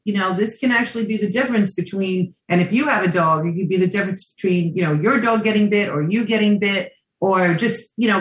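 A woman co-hosting a radio talk show, telling an anecdote in a chatty, relaxed way. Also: mid-range voice, echoey room, poor audio. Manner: storytelling, chatty, laughs easily. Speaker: radio co-host. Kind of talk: casual radio chat.

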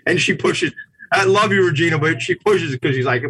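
A male radio host telling a story in a lively, rambling way, full of fillers and sudden jumps in pitch. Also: a little fast, a little hiss or hum, low-quality recording. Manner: animated, rambling, many "like" fillers. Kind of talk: lively talk radio chat. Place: New York.

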